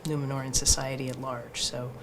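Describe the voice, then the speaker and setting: A woman speaking as an actress in an interview, describing her role in a measured, thoughtful way with frequent fillers. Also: extremely low pitch, little pitch movement. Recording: noisy background.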